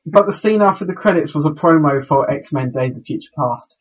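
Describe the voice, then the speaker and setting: Male podcast co-host, husky, slightly high, stumbles over words, lo-fi recording. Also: animated, brisk. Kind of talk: casual podcast chat.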